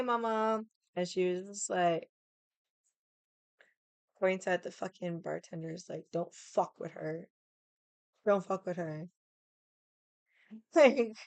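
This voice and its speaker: A woman's voice: medium pitch, smooth, dry recording. A young adult woman streamer chatting casually with her viewers, rambling and swearing often. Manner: rambling, swears a lot, many likes.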